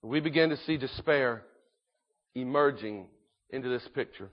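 A man preaching a sermon, emphatic and repetitive, rising in force and dropping low again. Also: moderate pace, long pauses. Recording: dull lo-fi recording.

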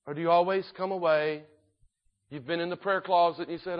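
Preacher guy giving a sermon, bit high pitched, earnest and emphatic, sounds muffled and lo-fi. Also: steady tone. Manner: earnest, slow and emphatic, with swells in volume.

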